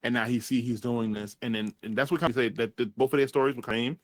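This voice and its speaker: A man's voice: medium pitch, steady tone, fast, dry recording. A man reviewing a movie in casual chat, rambling and swearing as he retells scenes. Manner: rambling, profane, acts out characters' lines.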